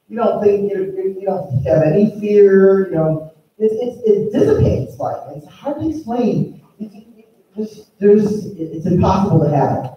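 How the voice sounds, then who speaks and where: A woman giving a spiritual talk while presenting slides. She is enthusiastic and rambling, with many restarts. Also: lowish voice. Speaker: speaker presenting slides to an audience. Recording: echoey, distant and dull.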